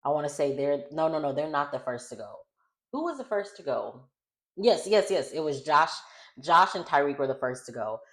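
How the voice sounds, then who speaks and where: Very low-voiced chatty woman. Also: big pitch swings, moderate pace. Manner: chatty, rambling, self-correcting, laughs often. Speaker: reality show recapper. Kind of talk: casual recap chat.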